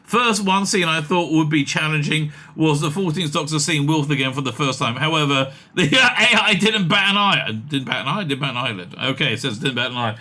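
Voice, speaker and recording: A male host chats casually in an animated, sarcastic way, stumbling over fillers and restarting his sentences. His voice sits high and sounds very bright. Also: fairly quick, few pauses. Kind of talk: casual commentary reading aloud.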